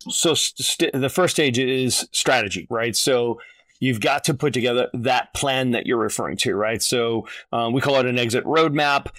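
A man's voice: mid-range voice, moderate pace, fairly bright tone, no room sound. Man coaching in a dry, close sound. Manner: coaching tone, frequent "right?" tag questions. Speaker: podcast host and practice exit consultant. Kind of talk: conversational podcast discussion.

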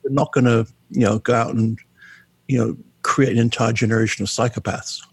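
Husky, gravelly male podcast guest. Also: mid-range voice, steady tone, a little fast, dry recording. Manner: candid, wry, self-deprecating. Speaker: guest, book author. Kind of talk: casual podcast interview.

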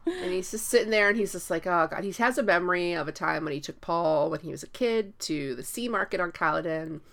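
An animated woman in casual podcast chat, her voice sitting fairly low. She keeps slipping into quick character voices as she retells scenes. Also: vocal fry. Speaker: podcast co-host. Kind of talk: casual book discussion.

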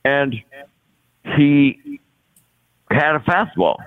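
A man's voice: fairly high pitch, very animated, very slow. A man in his sixties, a guest actor, telling stories in a rambling, casual way with many restarts and chuckles. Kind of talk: casual storytelling. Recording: lo-fi, phone-like sound.

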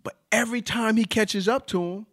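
Man, fairly high voice, dry close sound, casual chat, animated storyteller, loose and full of fillers. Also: normal speed, no room sound.

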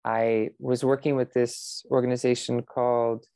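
A man's voice: mid-range voice, little pitch movement, normal speed, creaky, mellow, clean tone, no room sound. A man talking as a podcast guest about meditation, reflective and earnest, with frequent fillers and restarts. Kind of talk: relaxed interview conversation.

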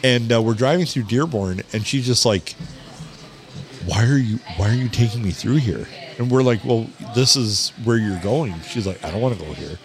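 A man hosting a podcast from a bar, telling a story in a casual, animated way, swearing and quoting people. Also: mid-range voice, moderate pace. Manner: swearing, animated anecdote teller who quotes people. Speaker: podcast host.

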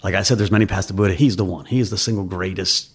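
A man with a low, deeply husky voice talks as an interview guest. He tells loose, self-deprecating stories in a candid, conversational way. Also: steady tone, very fast. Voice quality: raspy. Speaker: investor guest.

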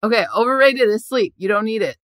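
A woman's voice: on the high side, quick pace, fairly bright tone, no room sound, studio quality. A young adult woman comedian chatting as a guest on a podcast, laughing often and rambling in a self-mocking way. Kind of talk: casual podcast chat.

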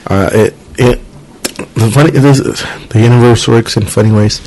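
A man's voice: mid-range voice, steady tone, normal speed, darkish tone, rough recording. A man hosting a podcast in casual chat, rambling and cursing freely while acting out the people in his stories. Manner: rambling, swears freely, acts out quotes. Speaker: podcast host.

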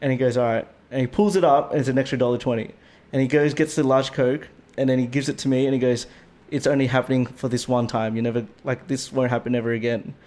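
An Australian man with a middle-pitched voice tells a story in casual podcast chat. He is animated and swears freely. His voice shoots upward whenever something annoys him. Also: quick pace. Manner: animated, swears a lot, voice jumps up when indignant. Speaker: podcast co-host.

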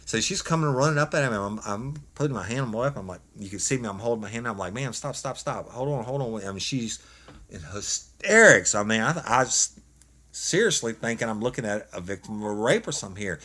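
A man, a former police officer, telling a funny story in a casual, animated way with laughs. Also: lowish voice, fast talker.

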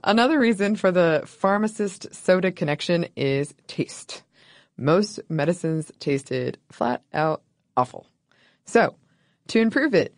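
Deadpan joking woman, low voice. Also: no echo, clean studio sound. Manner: deadpan, jokey, laughs at own lines. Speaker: podcast co-host. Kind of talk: casual history chat.

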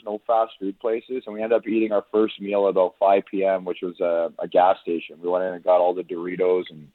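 A laid-back man from Canada, a guest telling a story casually over the phone. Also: on the low side. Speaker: guest analyst. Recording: tinny phone line.

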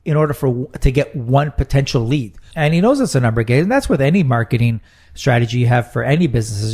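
A man's voice: medium pitch, a little mellow. Rambling joking middle-aged man. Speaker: podcast co-host. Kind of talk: casual chat.

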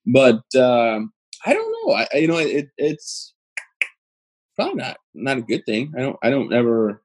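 A man telling stories in casual chat, animated and acting out the voices of people he quotes. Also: mid-range voice, moderate pace, poor audio. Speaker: guest.

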